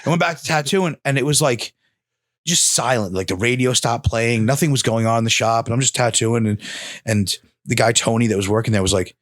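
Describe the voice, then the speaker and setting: A man's voice: medium pitch, brisk, no echo, clean studio sound. A young adult man, a tattoo artist and podcast guest, telling a story in casual chat and acting out other people's voices.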